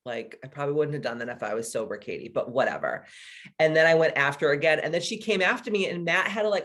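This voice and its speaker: Brief: woman in her thirties hosting a video call, crude, laughing storyteller. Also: deep voice. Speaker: workshop host. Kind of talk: casual chat.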